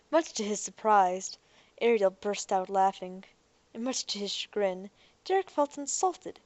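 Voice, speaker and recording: A woman narrating an audiobook in a calm, measured way. Her voice sits at an ordinary middle pitch. The sound is close and dry, with no room echo. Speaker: audiobook reader. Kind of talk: scripted narration.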